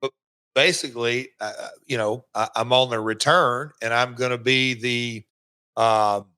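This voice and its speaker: Southern guy, middle-aged, bright tone, lots of ums and restarts on a podcast. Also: mid-range voice, steady tone, clean tone. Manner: halting, lots of fillers and restarts. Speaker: podcast host, former wrestler. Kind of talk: casual chat.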